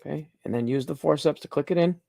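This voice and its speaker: A streaming host teaching mycology safety walks through lab steps casually from a dim room at home, bluntly repeating himself and swearing now and then. He talks fast in a fairly high, mellow voice with vocal fry, in a dry recording.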